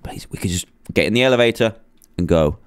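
A man commenting nervously as he plays a horror game, pleading and reacting loudly to scares. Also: lowish voice, lively intonation, fast, clear, resonant tone. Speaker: gamer.

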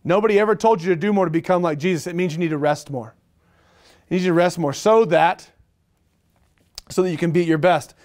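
A middle-aged male pastor preaching a sermon, animated and repetitive, asking the room questions. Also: sits high, brisk, pauses often. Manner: animated preaching with repeated phrases and rhetorical questions.

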